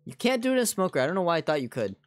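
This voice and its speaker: A man's voice: fairly high pitch, big pitch swings, very fast, no echo. Rambling male streamer, dry close sound. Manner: rambling, many "like" fillers, talks to chat. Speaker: game streamer. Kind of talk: casual live gaming chat.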